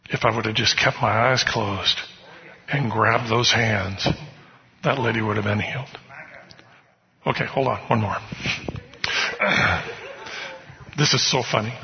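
A man with a mid-range, husky voice preaches a sermon, telling personal stories conversationally and often asking "you know what?". The recording is a muffled hall capture with long reverb.

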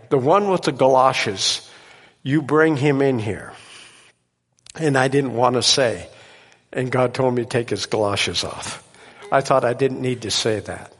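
A man preaching, telling a miracle story in an animated way and laughing at his own tale. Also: medium pitch, big-room sound. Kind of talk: sermon testimony storytelling.

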